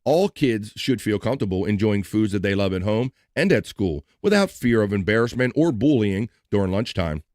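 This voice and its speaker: A man's voice: lowish voice, animated, moderate pace, few pauses, a little mellow, no echo, studio quality. Playful man hosting a live stream. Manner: loose and playful, slips into silly put-on voices and sings bits. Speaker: livestream host. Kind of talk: casual live-stream chat.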